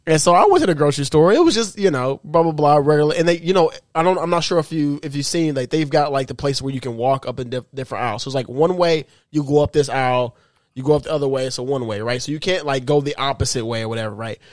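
A man's voice: fairly high pitch, fast talker, dry recording, studio quality. A man co-hosting a podcast, telling a story in casual chat and laughing often as he goes. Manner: animated storyteller, laughs often, stumbles and restarts. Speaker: podcast co-host.

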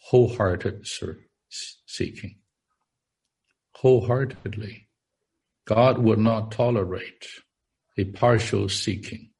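Slow, gravelly-voiced man preaching. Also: lowish voice. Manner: halting, many fillers and repeated words. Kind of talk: sermon.

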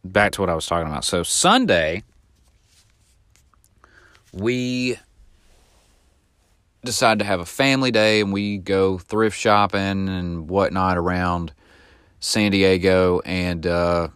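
Man with a very low voice telling a rambling story. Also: slow pace, pauses often, clean tone, no echo, clean studio sound. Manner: rambling, animated when retelling shouted lines. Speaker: podcast host. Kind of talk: casual storytelling monologue.

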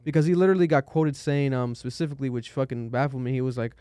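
Animated podcast host man, dry sound. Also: fast talker, no room sound. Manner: animated, swearing, jumps to high pitch when quoting. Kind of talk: casual news commentary.

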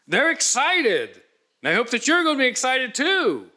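A man delivers a sermon in a high, bright voice. He preaches dramatically, acting out the story with emphatic pauses. His tone stays vivid and energetic. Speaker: pastor.

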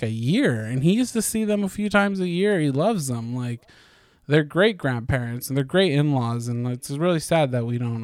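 Rambling, casual-talking man with a smooth voice. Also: on the high side, darkish tone, no room sound, studio quality. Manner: rambling, with frequent likes and casual swearing. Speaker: podcast co-host. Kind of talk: casual chat.

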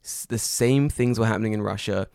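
A man's voice: fairly low pitch, a little fast, creaky, a little mellow, clear, resonant tone, dry recording, studio quality. A man co-hosting a casual podcast, jokey and sweary, speaking into a podcast microphone. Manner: jokey, swears, slips into mocking impressions. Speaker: podcast co-host.

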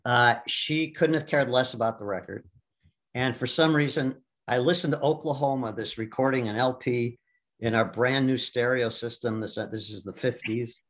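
A man in his seventies from the US Midwest, telling his life story as a guest in a casual interview, halting with many restarts and fillers. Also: mid-range voice, fairly bright tone. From Milwaukee, US Midwest. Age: 70s. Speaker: guest, stage actor.

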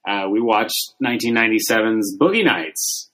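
A man co-hosting a podcast, talking in a deadpan, rambling way with many fillers. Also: fairly low pitch, moderate pace. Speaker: podcast co-host. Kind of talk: casual comedic chat.

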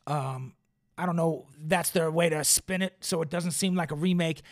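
A man's voice: a little high, normal speed, no room sound, clean studio sound. A man in his forties hosting a solo podcast, ranting in a profane, sarcastic, wry way. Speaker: podcast host.

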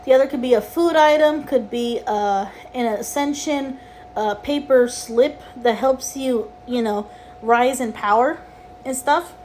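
Woman, high voice, casual podcast host, rambling, swearing, faint background hiss. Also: unhurried, darkish tone. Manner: rambling, swears freely, exasperated asides. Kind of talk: casual solo podcast chat about games.

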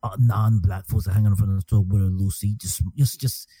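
A man in casual talk, halting and repeating words as he speaks. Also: fairly low pitch, steady tone, mellow, slightly rough, no room sound. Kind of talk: casual conversation.

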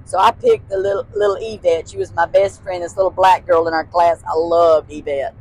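A woman's voice: lowish voice, animated, fairly quick, a little mellow, breathy edge, rough recording. A woman, a guest telling childhood stories in casual chat, laughing often and using folksy phrasing. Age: 60s.

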